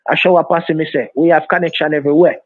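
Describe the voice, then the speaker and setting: A racing, somewhat high male voice with fairly even intonation and no echo comes through a dry, tinny phone call. The Jamaican-accented scammer taunts and threatens repeatedly in a heated argument, hurling the same insults over and over.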